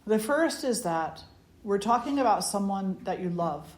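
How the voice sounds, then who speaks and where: A woman spiritual teacher giving a satsang talk, telling stories gently in short, unhurried phrases. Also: medium pitch, expressive, a little hiss or hum. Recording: echoey room.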